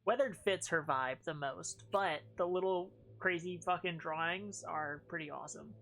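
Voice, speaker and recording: A woman's voice: on the low side, moderate pace, fairly bright tone. A woman streaming a game and chatting casually with her chat. She thinks aloud and swears often. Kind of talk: casual live game commentary.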